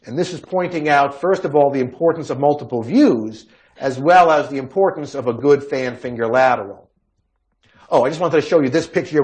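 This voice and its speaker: A man's voice: mid-range voice, darkish tone. A man giving a recorded medical lecture on hand injuries, talking conversationally with wry asides. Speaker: physician lecturer.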